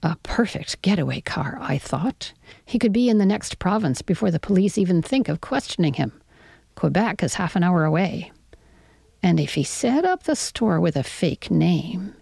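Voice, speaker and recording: A woman's voice: lowish voice, creaky, warm tone, husky, no room sound. A woman reading her own first-person story aloud in a wry, conversational way, sometimes dropping to a whisper.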